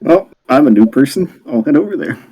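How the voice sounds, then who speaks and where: A man's voice: mid-range voice, animated, fairly quick, slightly rough, muffled recording. A man playing a tabletop game, stating his character's actions plainly. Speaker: player. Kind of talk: casual tabletop play.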